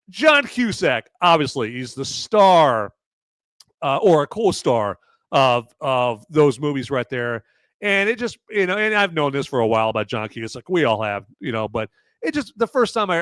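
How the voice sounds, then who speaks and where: A man's voice: medium pitch, a bit bright, clear, resonant tone, no room sound. A middle-aged man hosting a podcast, giving casual, sarcastic commentary in a rambling way, full of fillers. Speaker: podcast host.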